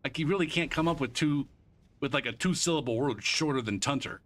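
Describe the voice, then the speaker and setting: A man's voice: mid-range voice, animated, brisk, fairly bright tone. A male streamer chatting casually with his viewers while playing, arguing and swearing freely. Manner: argumentative, bantering with chat. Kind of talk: casual live-stream chat while gaming.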